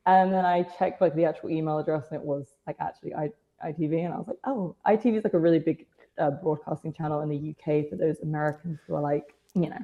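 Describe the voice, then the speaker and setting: A woman's voice: sits low, steady tone, fast, narrow, tinny audio. A British woman in her twenties, a wrestler guesting on a podcast, chatting casually with dry self-mocking humour.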